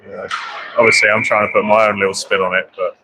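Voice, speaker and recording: A man doing live play-by-play for an ice hockey game with rambling, self-deprecating asides, excitable when a goal goes in. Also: on the low side, fast. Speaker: hockey commentator. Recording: loud arena noise behind the voice.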